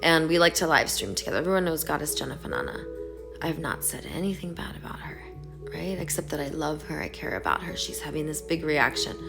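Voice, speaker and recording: A woman talking to her viewers in a casual vlog, reading an email aloud slowly and then speaking in earnest affirmations. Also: low voice, lively intonation, vocal fry, over music. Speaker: online creator reading out an email.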